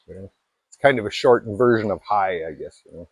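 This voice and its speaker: A man's voice: mid-range voice, animated, fast talker, dry recording. A middle-aged man from Alaska chatting casually to camera, rambling and self-deprecating with many restarts. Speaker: vlogger.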